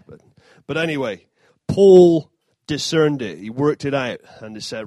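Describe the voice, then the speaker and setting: A man's voice: mid-range voice, animated, normal speed, warm tone, no echo. A man giving an informal sermon, mixing scripture with jokey asides and self-deprecating humor. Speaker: preacher.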